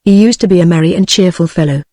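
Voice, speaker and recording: A woman's voice: fairly low pitch, quick pace, warm tone, dry recording, studio quality, close to an everyday voice. A British woman reading the lines of a touchy, pompous male octopus in a synthetic storybook voice. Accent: British English. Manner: airy, then mournful.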